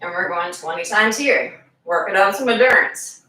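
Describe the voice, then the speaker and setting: A woman fitness instructor leading a live exercise class, calmly giving cues and counting reps aloud. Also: medium pitch, normal speed. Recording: echoey room, voice from far off.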